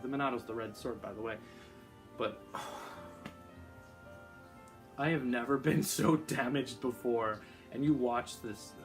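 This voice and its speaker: A man casually vlogging about video games, excitable and gushing, rambling with lots of fillers. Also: mid-range voice. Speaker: YouTuber. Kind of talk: casual gaming vlog.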